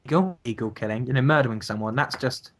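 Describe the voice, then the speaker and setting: A man's voice: medium pitch, rapid-fire. A young man co-hosting a casual podcast over a voice call, rambling and hesitant as he muses. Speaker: podcast co-host. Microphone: computer mic on a voice call.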